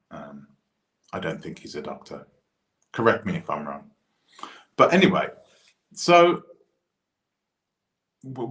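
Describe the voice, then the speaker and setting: A man from the United Kingdom giving a casual opinion monologue, animated and full of restarts and asides. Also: low voice. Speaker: commentator. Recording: roomy echo.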